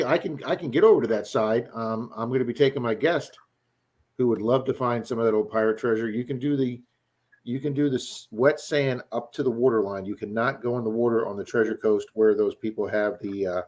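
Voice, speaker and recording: A man's voice: fairly low pitch, darkish tone. A man from Florida hosting a live stream, rambling through stories and often repeating words as he starts a sentence. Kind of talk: casual live stream chat.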